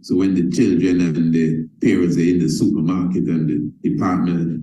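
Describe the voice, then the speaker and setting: A man's voice: low-pitched, little pitch movement, normal speed, few pauses, warm tone, roomy sound, poor audio. Emphatic man coaching a crowd on sales. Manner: emphatic and repetitive, addresses listeners as family. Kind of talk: motivational sales talk.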